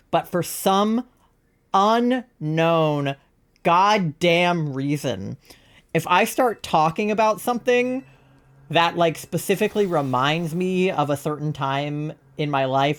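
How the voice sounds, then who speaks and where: A young adult from Virginia talks loosely to a live stream audience while playing, drifting from story to story. The speech is peppered with swearing and quick laughs, relaxed and unpolished. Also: medium pitch. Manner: rambling, profane, laughs often. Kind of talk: casual live-stream chat while gaming.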